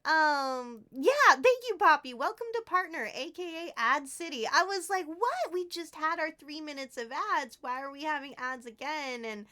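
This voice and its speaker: A woman's voice: high-pitched, lively intonation, moderate pace, hardly any pauses, sharp tone. A woman streamer chatting casually with her live viewers, giggling often and thanking them by name.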